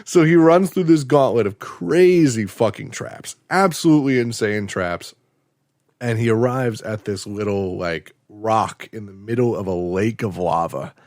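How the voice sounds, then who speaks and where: A man with a fairly low voice, animatedly retelling a cartoon episode for a podcast. The sound is dry and close, with no room around it. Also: measured pace, no echo. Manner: animated storytelling, acting out quotes. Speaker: podcast host. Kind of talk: casual episode recap.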